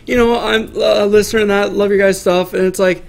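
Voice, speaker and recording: High-voiced Canadian man joking. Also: brisk, creaky. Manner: joking, animated storytelling. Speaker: podcast co-host. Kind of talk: casual banter. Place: live meetup recording.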